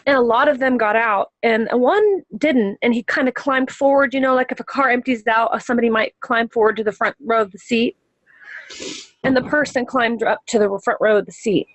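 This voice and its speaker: A woman tells of a vision in a casual, earnest way. She pauses to search for words and often restarts her sentences. Her voice sits fairly high, and the recording is close and dry with no room sound. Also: no echo, poor audio. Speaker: person sharing a vision. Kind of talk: casual spoken account.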